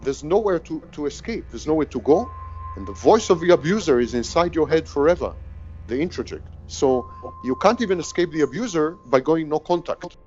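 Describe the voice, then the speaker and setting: A man's voice: a little high, expressive, a little fast, a little mellow, highs cut off, soft background music. A man explaining gaslighting in a grave, emphatic way, like an expert. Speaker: expert on narcissistic abuse. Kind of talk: explanatory commentary.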